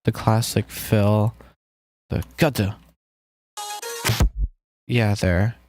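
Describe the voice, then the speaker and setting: A man's voice: fairly low pitch, very slow. A man making music on a live stream, chatting casually with viewers and joking as he works. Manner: relaxed, jokey, talks to chat while working.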